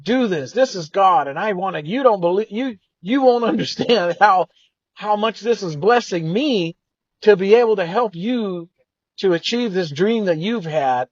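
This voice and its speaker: A man quoting an excited, fervent friend. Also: high-pitched, a little slow, no echo, muffled recording, voice pushed up. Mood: earnest. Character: excited, fervent male friend offering help.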